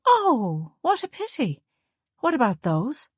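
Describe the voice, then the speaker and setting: Narrator puts on a brighter, higher woman, polite and breezy, hiding suspicion. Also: huge pitch swings, slow pace, husky, dry recording, studio quality, full character voice. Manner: light, polite, feigned nonchalance. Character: wary, friendly woman playing innocent.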